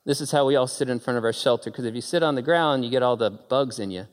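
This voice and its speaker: In a church hall, a man with a mid-range voice preaches a sermon, telling stories animatedly and using dramatic pauses.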